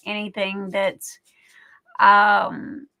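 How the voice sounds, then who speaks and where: A woman's voice: medium pitch, completely flat delivery, very slow, gravelly, bright, forceful tone. A middle-aged woman hosting a livestream, chatting in a rambling way full of fillers and restarts. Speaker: livestream host. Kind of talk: casual chat.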